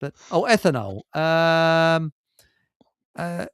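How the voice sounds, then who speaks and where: A man with a fairly high voice hosts a live stream, rambling through casual stories and chuckling as he goes. The sound is close and dry, with no room around it. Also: lively intonation, extremely slow, fairly bright tone, smooth, no room sound. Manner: rambling, laughs often at his own stories. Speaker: host of a live stream show. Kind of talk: casual chat, anecdotes.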